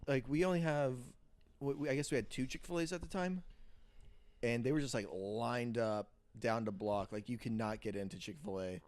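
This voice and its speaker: A young podcast co-host drops short, joking remarks into a loose conversation. His voice sits at an average middle pitch. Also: darkish tone. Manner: quick joking interjections. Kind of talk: casual chat.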